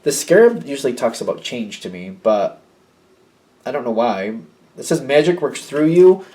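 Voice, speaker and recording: This tarot reader delivers an intuitive, informal reading full of emotional tangents, frequently playing the parts of the people he describes. He speaks at a moderate pace in a mellow, medium-pitched voice that is very animated. Faint noise comes through a slightly distant microphone.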